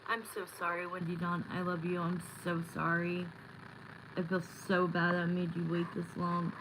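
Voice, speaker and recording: A woman's voice: lowish voice, completely flat delivery, moderate pace, background noise. A woman hosting a tarot livestream, chatting casually and rambling with lots of fillers, recorded on a phone. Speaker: tarot reader livestream host.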